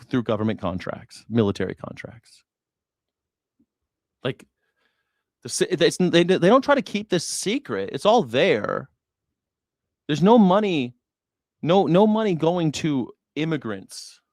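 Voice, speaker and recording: In a medium-pitched, slightly mellow, sing-song voice, a man hosts a news reaction stream at normal speed, pausing often. He argues with his chat, sarcastic and profane, in a heated political rant. The audio is studio quality with no echo.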